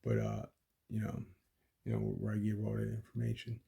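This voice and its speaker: A man with a dark, gravelly, husky voice tells a long, rambling personal story. He swears freely and keeps restarting his sentences. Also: lowish voice, sing-song, moderate pace. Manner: profane, repetitive, restarts often. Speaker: son recounting his mother's death.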